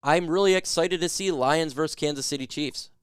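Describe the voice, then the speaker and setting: Man, livestream host, casual fan chat, joking banter, fairly high voice, clean dry sound. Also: brisk, clear, resonant tone, no echo. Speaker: sports talk livestream host. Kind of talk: casual live chat answering viewer questions.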